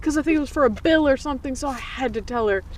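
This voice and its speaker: A woman's voice: sits high, racing, a little hiss or hum. A young woman co-hosting a podcast, telling a shared childhood story in casual chat, laughing and mocking herself. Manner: lively, laughing, self-mocking. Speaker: podcast co-host.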